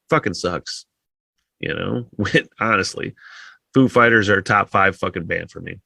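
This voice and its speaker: A man's voice: low voice, a little slow, creaky, sharp tone, dry recording. A man hosting a podcast, talking casually and rambling, with frequent sighs and heavy swearing. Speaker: podcast host. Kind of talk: casual solo podcast monologue.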